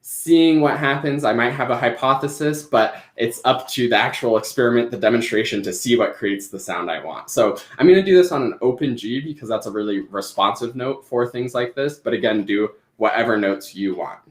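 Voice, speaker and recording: A man's voice: mid-range voice, brisk, few pauses. Man explaining clarinet technique, roomy sound. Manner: explanatory, demonstrating as he goes. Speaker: clarinet teacher. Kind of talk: live-streamed music lesson.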